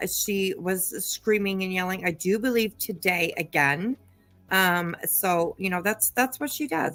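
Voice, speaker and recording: A woman's voice: medium pitch, fairly bright tone, no echo. A woman hosting a casual live-stream commentary, chatty and sarcastic, thanking viewers by name. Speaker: commentary channel host. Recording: dry close mic, faint music.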